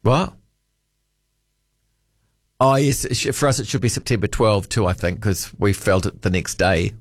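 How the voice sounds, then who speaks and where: A man's voice: lowish voice, moderate pace, no echo, clean studio sound. A man hosting late-night talkback radio in a chatty, musing way, reading out listener texts. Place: radio studio.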